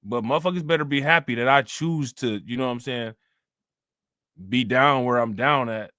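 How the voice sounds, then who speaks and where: A man's voice: mid-range voice, normal speed, sharp tone, no echo, clean studio sound. A man hosting a live stream, talking loosely and profanely, laughing often and repeating himself. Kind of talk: casual live-stream commentary.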